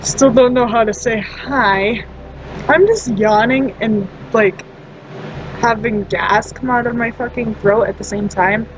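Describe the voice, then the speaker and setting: With a fairly high voice and a slightly slow pace, a storytime vlogger rambles bluntly, swearing and laughing frequently. She restarts often and leans on fillers, and the poor audio carries a bit of hiss or hum.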